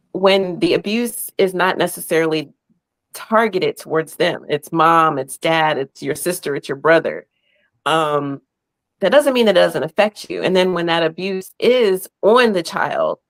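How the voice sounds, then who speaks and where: A woman hosting a live-stream interview, affirming her guest and speaking haltingly, with many fillers. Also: on the low side. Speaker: host.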